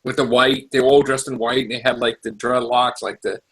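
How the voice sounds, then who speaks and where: A man hosting a podcast, chatting in a rambling, excitable way with lots of fillers. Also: mid-range voice, brisk, breathy edge, rough recording. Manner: rambling, excitable fan talk with many fillers. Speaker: podcast host. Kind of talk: casual podcast chat.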